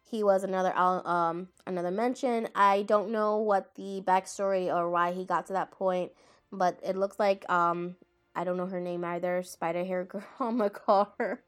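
A woman's voice: fairly low pitch, moderate pace, clean tone, soft background music. A woman chatting casually about anime, rambling, laughing and often stopping to correct herself. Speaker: anime vlogger. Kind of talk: casual chat.

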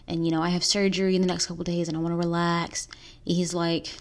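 Low-voiced woman telling a personal story. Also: fairly even intonation. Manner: earnest, halting, pauses and restarts. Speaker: podcast host.

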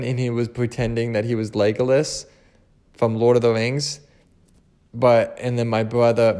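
A man's voice: medium pitch, dark tone. A young man with a slight lisp, hosting a casual solo podcast chat, rambling and restarting his sentences often. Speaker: podcast host.

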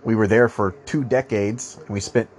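A man's voice: on the low side, steady tone, moderate pace, darkish tone. A man hosting his own podcast in a rambling monologue, swearing often and restarting his sentences, with a somewhat nasal voice. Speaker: podcast host. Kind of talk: profane monologue.

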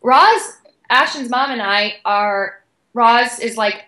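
A young woman guest, an athlete, telling a story in an excited, chatty way with many "like"s. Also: on the high side, slow, echoey room, rough recording. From Canada. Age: young adult. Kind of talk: animated storytelling.

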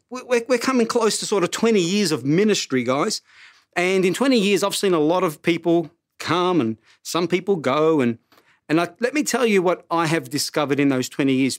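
A middle-aged male pastor with a notably high voice, preaching in an animated, self-mocking way. He stumbles and repeats words as he goes. The sound is close and dry. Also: no room sound. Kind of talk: sermon.

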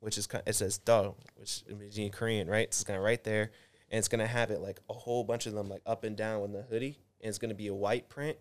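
Laid-back young man, low smooth voice. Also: fairly even intonation, fast, no echo. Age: 20s. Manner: laid-back storytelling with slang. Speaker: guest, clothing and smoking brand founder. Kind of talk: casual podcast chat.

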